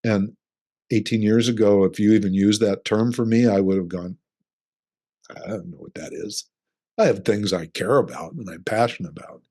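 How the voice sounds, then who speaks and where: A middle-aged relationship coach speaks earnestly in a casual interview, his lowish voice steady, darkish, and fairly quick. He explains his ideas through acted-out examples.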